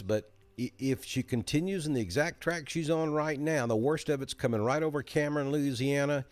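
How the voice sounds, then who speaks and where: A man's voice: medium pitch, darkish tone, no echo. Folksy Alabama-accented weatherman. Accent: Southern American, Alabama. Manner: folksy, chatty, storytelling. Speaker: weather broadcaster hosting live chat. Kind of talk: casual live-stream chat.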